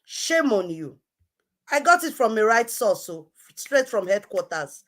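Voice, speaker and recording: A woman's voice: a little high, big pitch swings, unhurried, a bit bright. A woman hosting an online show, scolding someone in a heated, repetitive rant. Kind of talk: heated live-stream rant.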